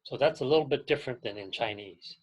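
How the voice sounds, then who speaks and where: A man teaching an English grammar class to adult learners, explaining slowly and clearly and pausing so students can repeat after him. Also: medium pitch, dull audio. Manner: patient, deliberate, pauses for learners to repeat. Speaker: ESL teacher.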